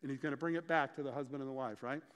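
A man preaching a sermon, explaining scripture and telling stories with lively, acted-out dialogue. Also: medium pitch, very fast, clear, resonant tone. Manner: animated storytelling, acts out dialogue. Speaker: pastor. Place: church sanctuary. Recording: church hall reverb.

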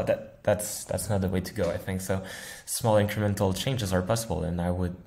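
Low-pitched male engineer guest, reflective and good-humored, casual interview talk. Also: fairly even intonation, a little fast, darkish tone. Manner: thoughtful, laughs easily, uses analogies.

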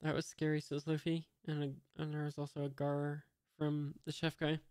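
A man's voice: fairly high pitch, completely flat delivery, normal speed, darkish tone, dry recording, clean studio sound. A man reading a comic aloud in a casual, hesitant way, full of fillers and reading out sound effects. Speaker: manga reader.

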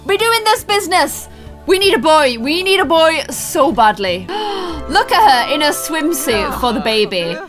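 A young Irish woman giving excited let's-play commentary, gasping and squealing often as she plays. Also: high voice, unhurried, music in the background. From Ireland. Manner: excitable, frequent gasps and squeals. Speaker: gaming YouTuber.

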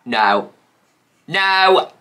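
A woman's voice: fairly low pitch, big pitch swings, very slow, noisy background. A woman hosting a reaction video, cheering and teasing with camp exclamations and playful swearing. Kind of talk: reaction commentary.

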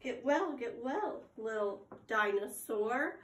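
This young adult woman speaks on the high side with a fairly bright tone while reading to preschoolers at circle time. Her delivery is slow and sing-song, full of exaggerated gasps and questions for the kids. Slight background noise and an echoey room come through.

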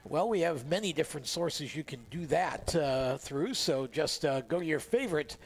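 A man hosting a motorsport radio show, talking in a relaxed, chatty way with plenty of fillers and restarts, recorded in a radio studio. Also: a little high, normal speed, slightly rough. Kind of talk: casual motorsport radio talk.

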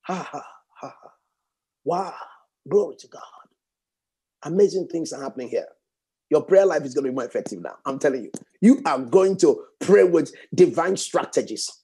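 A man preaching a sermon fervently, repeating phrases and swinging from raised exclamations to hushed prayer. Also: fairly high pitch, expressive, brisk, husky.

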